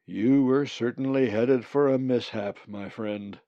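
Man as stuffy deep-voiced raven, gravelly, formal, dull recording. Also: a little slow, mellow, dry recording, lightly acted. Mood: formal, stern. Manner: old-fashioned, pompous, booming when angry.

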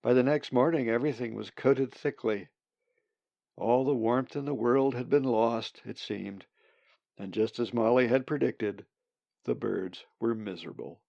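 A man narrating a story in a calm, measured way. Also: mid-range voice, creaky, dry recording, lo-fi sound. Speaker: audiobook narrator. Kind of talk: scripted narration.

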